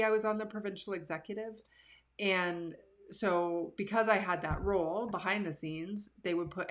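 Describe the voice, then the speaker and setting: A woman, hosting a live show from her living room and telling stories about herself in a casual, animated, self-deprecating way. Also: fairly low pitch. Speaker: livestream show host. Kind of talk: casual storytelling to live viewers.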